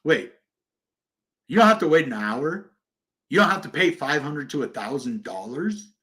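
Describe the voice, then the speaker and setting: A man hosting a crypto livestream and talking straight to his viewers. His voice sits a little high, and he gets excited and passionate, jumping between loud bursts and quieter asides. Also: moderate pace. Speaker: crypto channel host. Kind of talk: casual livestream talk.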